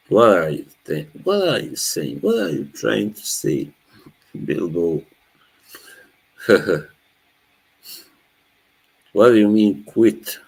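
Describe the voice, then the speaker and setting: A man's voice: fairly low pitch, big pitch swings, drawn-out words, vocal fry, long pauses, husky, poor audio. A man, chatting casually with his live chat as a streamer, laughing often. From Bosnia. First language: Norwegian. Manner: laid-back, laughs often, chats to viewers.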